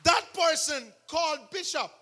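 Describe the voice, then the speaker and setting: A man preaching a sermon testimony, telling the story with animation, bursting into shouts and acting out what others said. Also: extremely high pitch, measured pace, slight background noise. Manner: acts out other people's words in quotes.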